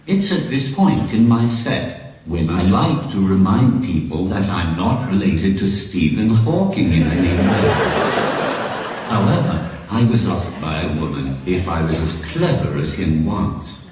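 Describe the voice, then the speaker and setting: Male text-to-speech comic voice, very low, lively pitch swings, distant roomy sound. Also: measured pace, background noise. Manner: deadpan jokes typed on a speech device. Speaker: stand-up comedian. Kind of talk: stand-up comedy. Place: comedy stage in a large venue. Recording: echoey hall from far off.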